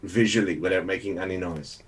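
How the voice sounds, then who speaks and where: Hesitant low-voiced man playing a game. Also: steady tone, a little fast, husky. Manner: hesitant, thinks aloud with "um" and "I guess". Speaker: player. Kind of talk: tabletop game play.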